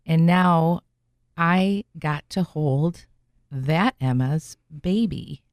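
A woman's voice: low voice, very slow, dry recording, studio quality. A middle-aged woman hosting a radio show, chatting and telling stories with lots of fillers. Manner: chatty, storytelling, many fillers. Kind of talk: casual radio interview. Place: radio studio.

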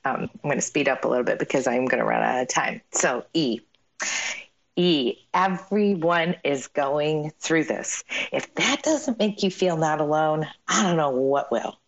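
A middle-aged woman hosting a radio show, giving upbeat, encouraging motivational talk with emphatic, animated delivery. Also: rumbling low, a little fast, vocal fry, few pauses, breathy edge, lo-fi sound.

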